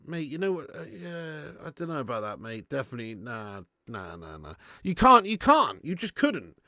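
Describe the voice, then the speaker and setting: A man's voice: mid-range voice, normal speed, no room sound, studio quality. A man hosting a live football watch-along, bantering with chat and swearing freely. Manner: animated banter with swearing, reads and answers chat.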